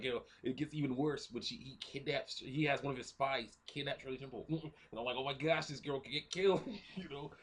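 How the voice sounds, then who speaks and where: A man casually retelling a movie plot, rambling with lots of fillers and frequent throat clearing. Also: medium pitch. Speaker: ministry video host.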